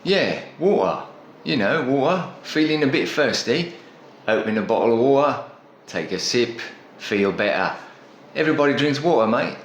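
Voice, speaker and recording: A man's voice: medium pitch, expressive, normal speed, slight background noise, voice pushed up, lightly acted. A man acting out a friendly male customer who keeps repeating his request for water in a role-play. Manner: chatty, insistent, repeats himself. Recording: echoey room with faint music.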